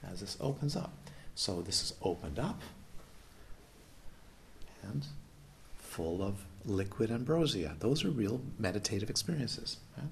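Low-voiced man teaching meditation. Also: lively intonation, a little slow, vocal fry, a little hiss or hum. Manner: playful, exploratory teaching with questions to listeners. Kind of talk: dharma talk at a retreat. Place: retreat hall.

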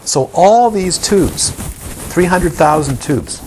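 A man's voice: a little high, expressive, slow pace, darkish tone, slight background noise. A man giving a meditation teacher's live talk to a group, often questioning the audience and acting out examples.

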